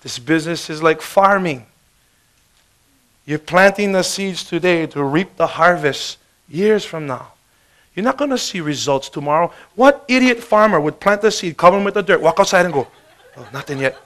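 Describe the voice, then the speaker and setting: A man giving an energetic, joking motivational sales talk. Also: sits high, normal speed. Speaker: business presenter.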